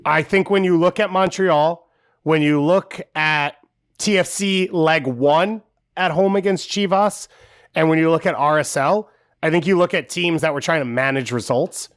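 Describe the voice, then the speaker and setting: A man co-hosting a soccer podcast, giving measured, analytical opinions. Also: fairly high pitch. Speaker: podcast co-host.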